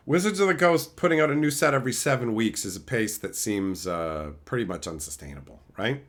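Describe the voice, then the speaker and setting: Animated man chatting on a livestream. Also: a little fast, few pauses. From Canada. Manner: animated, swears a lot, mimics chatters in high silly voices. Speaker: livestream host. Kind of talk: casual livestream chat reading chat.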